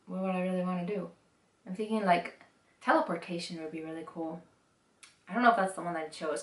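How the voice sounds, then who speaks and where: Young woman, low-ish voice, quick rambling vlog talk, self-conscious; recorded a little off-mic in an echoey room. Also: a bit bright, distant mic. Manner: rambling, self-conscious, chatty with frequent fillers. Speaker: vlogger answering typing questions. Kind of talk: rambling casual monologue to camera.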